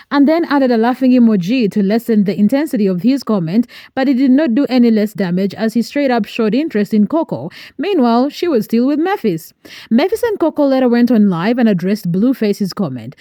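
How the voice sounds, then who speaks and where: A woman's voice: a little high, no room sound. Woman narrating a gossip recap, dry. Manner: steady, explanatory gossip recap. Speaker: commentary narrator. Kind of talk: scripted narration.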